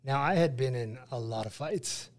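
A man's voice: medium pitch, moderate pace. A man in his forties from Utah, a retired fighter telling his story as a guest in a casual interview, acting out the dialogue. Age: 40s. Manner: lively storyteller who acts out dialogue.

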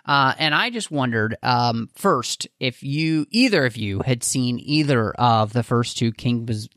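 A man's voice: mid-range voice, expressive, unhurried, a bit bright, no echo, studio quality. A man hosting a podcast in a casual, chatty way, with frequent fillers as he reads plugs and reminders. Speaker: podcast host.

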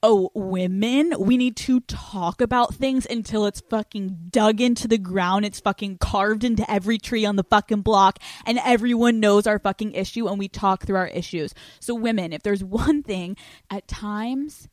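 Young woman podcast host, brash and foul-mouthed, medium pitch, dry close sound. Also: moderate pace, dry recording. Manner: blunt, profane, animated. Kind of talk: casual advice monologue.

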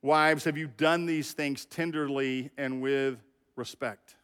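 A man's voice: a little high, steady tone, takes it slowly, fairly bright tone, smooth, long reverb tail. A middle-aged man preaching a sermon as pastor, talking conversationally and directly to his congregation. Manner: conversational, talks straight to the congregation.

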